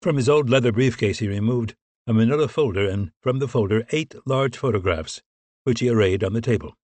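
A man reading a thriller audiobook in scripted narration, steady and even. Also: mid-range voice, brisk, no room sound.

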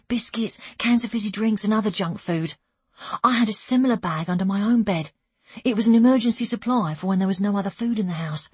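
A woman narrating an audiobook in the first person, steady and even, sometimes dropping to a hushed aside. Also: medium pitch, husky, no echo.

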